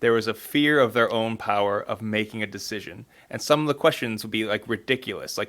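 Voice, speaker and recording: A man's voice: mid-range voice, very animated, quick pace, hardly any pauses, a bit bright. A man, a priest co-hosting a podcast, thoughtfully sharing anecdotes in casual chat with hesitant fillers.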